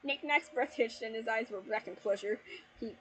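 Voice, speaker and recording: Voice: medium pitch, normal speed, pushed and bright, slight background noise, rough recording. A YouTuber reading a fanfiction aloud at home at night, breaking off into exasperated, heavily sworn commentary and laughter. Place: at home at night with family asleep.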